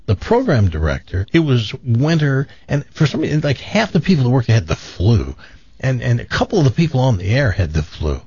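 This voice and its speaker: Male radio host, animated storyteller, lively pitch, dry dull sound. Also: breathy edge, dry recording. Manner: animated storyteller, acts out voices. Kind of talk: casual radio chat.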